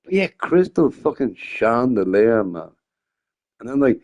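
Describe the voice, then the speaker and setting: A man's voice: mid-range voice, big pitch swings, a little slow, darkish tone. A young man chatting casually on a gaming stream, rambling, swearing freely and often breaking into laughter. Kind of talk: casual live-stream chat.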